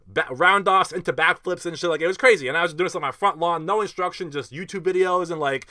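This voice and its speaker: A young man telling a festival story in a casual vlog, animated and slangy, with lots of fillers and swearing. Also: a little high, quick pace, no echo, studio quality.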